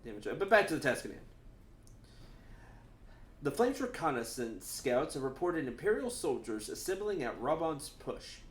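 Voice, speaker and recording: A man's voice: on the high side, big pitch swings, moderate pace, roomy sound, slight background noise. A man reading a formal male military officer's lines aloud from a video game. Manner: reads game dialogue aloud, stiff and formal.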